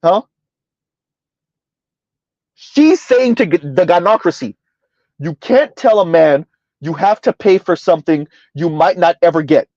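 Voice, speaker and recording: A high-voiced man delivers sarcastic reaction commentary with heavy emphasis. He slows down to stress phrases and keeps checking in with a rhetorical "huh?". The recording is dry and a little muffled. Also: expressive, a little mellow, no echo. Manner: emphatic, sarcastic, drawn-out repetition with frequent "huh?". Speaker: commentary channel host. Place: South Florida.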